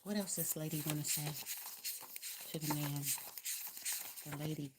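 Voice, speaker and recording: A woman's voice: low-pitched, fairly even intonation, measured pace, very noisy. A woman with a Southern US accent giving a casual tarot card reading, chatty and encouraging, repeating her advice in a colloquial way. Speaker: tarot reader.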